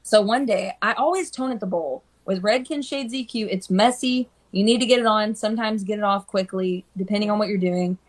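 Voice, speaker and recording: Woman, hairstylist, casual live-stream chat, animated storytelling, phone mic. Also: medium pitch, brisk, hardly any pauses. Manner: animated storytelling, acts out quoted people.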